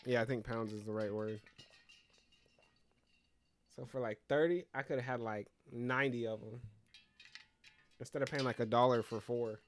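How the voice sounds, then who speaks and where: A man's voice: mid-range voice, steady tone, normal speed, pauses often. A young man co-hosting a podcast in casual chat, rambling and jokey, often correcting himself mid-sentence. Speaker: podcast co-host.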